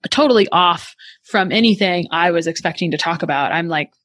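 Female host, lowish voice, dry close sound, curious and playful. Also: brisk, a bit bright, no echo. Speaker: podcast host. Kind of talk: casual interview chat.

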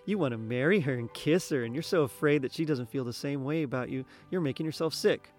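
A man voicing a chatty schoolboy who teases his friend in a lively way. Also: mid-range voice, fast, soft background music, lightly acted. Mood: teasing. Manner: teasing, lively.

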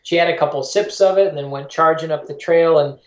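A man's voice: on the high side, fast talker. A man chatting casually as a podcast co-host, reflective and giving advice about running. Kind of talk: casual conversation. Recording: roomy echo.

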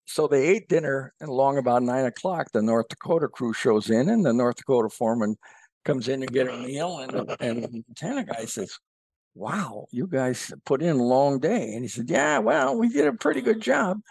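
A man co-hosting a podcast, telling a long joke in a folksy, unhurried way with fillers. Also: medium pitch, lively intonation, a little mellow, no echo. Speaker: podcast co-host, columnist.

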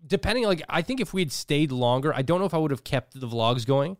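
A man's voice: on the high side, lively intonation, a little fast, no echo, clean studio sound. A man co-hosting a casual podcast, rambling and joking with lots of fillers. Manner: rambling, filler-heavy, jokey. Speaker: podcast co-host.

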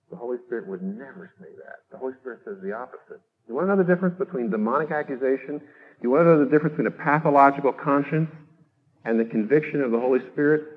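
A man preaching a sermon, emphatic, rising to loud exhortation and then dropping low. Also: animated, quick pace, breathy edge, narrow, tinny audio. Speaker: pastor.

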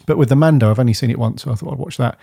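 Mellow, husky male podcast co-host. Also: mid-range voice, very fast. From United Kingdom. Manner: rambling, enthusiastic, trails off softly. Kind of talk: casual chat.

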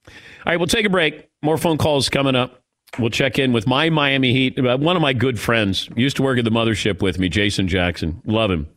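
A man's voice: medium pitch, brisk, a bit bright. A middle-aged man hosting a sports talk radio show, chatting casually in a reflective, self-mocking way.

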